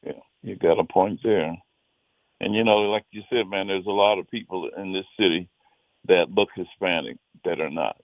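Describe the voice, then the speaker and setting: Laid-back caller guy, lowish voice, over a tinny phone line, dry. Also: normal speed, no room sound. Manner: easygoing, agreeable. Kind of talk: casual call-in chat.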